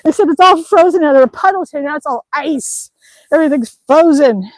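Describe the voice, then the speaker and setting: Out in the snow on a live stream, a woman vlogger talks briskly in a high-sitting, darkish voice, captured in a low-quality recording without room sound. She reads viewer comments aloud and laughs frequently, a bit winded from exercising outdoors.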